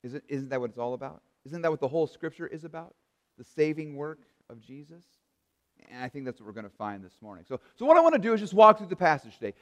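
Earnest pastor preaching in a reverberant hall. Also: male voice, on the high side, very animated, brisk. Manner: earnest, rhetorical questions, frequent restarts. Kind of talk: sermon. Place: church or studio for an online service.

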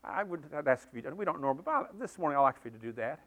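High-voiced earnest preacher man. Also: animated, quick pace, a bit bright. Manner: earnest, repetitive, builds to emphatic peaks. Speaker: pastor. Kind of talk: sermon. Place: church sanctuary with congregation.

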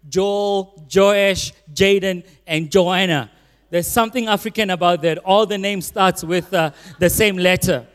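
A man hosting a church service, reading out a guest's bio with teasing asides. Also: high-pitched. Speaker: church host introducing the speaker. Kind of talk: reading a speaker introduction. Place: church auditorium. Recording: long hall reverb.

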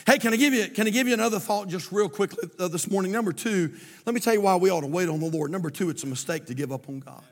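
Male pastor, high voice, emphatic repetition, church sermon, long hall echo. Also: quick pace. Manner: preaching with rising, emphatic repetition. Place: church sanctuary.

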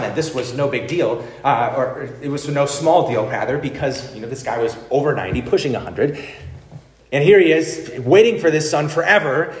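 A male pastor preaching a sermon, telling stories with wide swings between emphatic lines and hushed ones. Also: medium pitch, reverberant.

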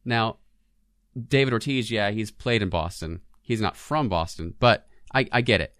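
Podcast co-host, male, relaxed chatter, somewhat low pitch. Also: normal speed, clear, resonant tone, no echo, studio quality. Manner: chatty, laughs easily, trailing restarts. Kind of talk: casual chat about commercials.

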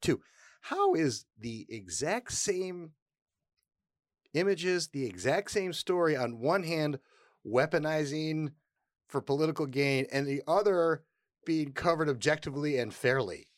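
A man co-hosting a casual political chat, incredulous and animated, picking apart a clip. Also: on the high side, measured pace, dry recording, studio quality. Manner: incredulous, animated, laughs easily. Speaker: podcast co-host.

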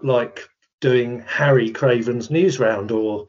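A man's voice: mid-range voice, expressive, slow, background noise. A man co-hosting a podcast, talking in joking, chatty banter. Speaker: podcast co-host. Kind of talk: casual chat. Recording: dull lo-fi sound.

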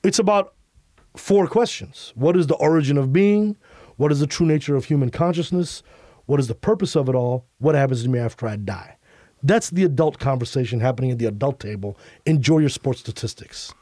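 A man from Chicago, a comedian guest on a podcast, telling stories in an animated, emphatic and profane way. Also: mid-range voice, brisk, dry recording, clean studio sound. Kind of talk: podcast conversation.

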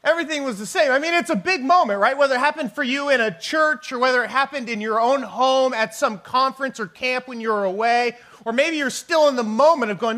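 A man's voice: very high voice, fairly quick, hardly any pauses. A man from Northern California, a guest preacher giving a conversational, joking sermon in a church. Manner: conversational, joking, animated storytelling.

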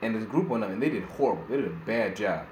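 Young male podcast co-host, blunt and profane, animated delivery, roomy echo, light noise. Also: lowish voice, quick pace. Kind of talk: casual podcast chat. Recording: echoey room, faint background noise.

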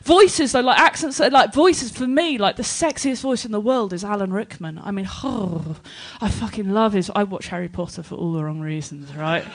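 An English woman doing stand-up on a live stage, brash and bawdy, firing off punchlines and chuckling at her own jokes. Her voice sits in a middling register, cheeky and loose. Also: medium pitch. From England. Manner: brash, bawdy, quick punchlines with frequent laughs. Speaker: stand-up comedian. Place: live comedy stage with an audience.

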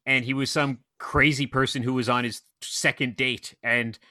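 Brief: man, theater operator, bright forceful tone, dry close sound, run-on storyteller. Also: mid-range voice, no echo. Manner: animated storyteller, quick run-on anecdotes. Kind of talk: casual podcast chat.

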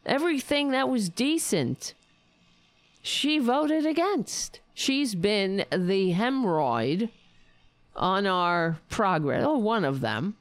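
A woman's voice: medium pitch, sing-song, slow pace, no echo. A woman hosting a political talk show, ranting with profane, sarcastic mockery. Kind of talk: angry political commentary.

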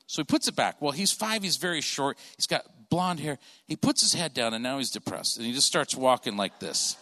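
A man doing stand-up storytelling as a comedian, animated and acting out the people in his stories. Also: mid-range voice, fairly quick, few pauses. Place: church auditorium. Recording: long reverb of a large hall.

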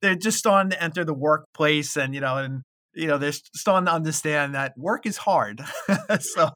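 A middle-aged man with a fairly high, bright voice talks casually in an interview, scattering fillers as he goes. The sound is close and dry. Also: dry recording. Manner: casual, filler-heavy storytelling. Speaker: guest. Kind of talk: interview answers.

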